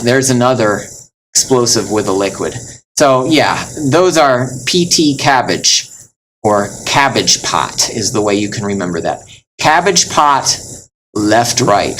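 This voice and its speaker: A man's voice: mid-range voice, fairly bright tone, rough recording. Guy teaching latin pronunciation, chatty and patient, um's a lot, bit of hiss behind. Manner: explains step by step, many fillers, slows to spell out words. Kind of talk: recorded lesson.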